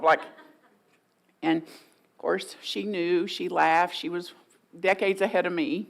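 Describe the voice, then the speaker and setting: A woman's voice: lowish voice, steady tone, slow pace, vocal fry, long pauses. A middle-aged woman, preaching a sermon in a folksy, playful way and acting out inner voices for the congregation. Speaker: guest minister.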